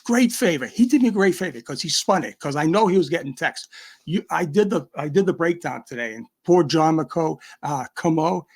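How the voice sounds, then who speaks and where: Combative Boston man, higher pitch. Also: slightly rough. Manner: combative, emphatic, talks in bursts. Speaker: guest. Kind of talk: heated livestream rant.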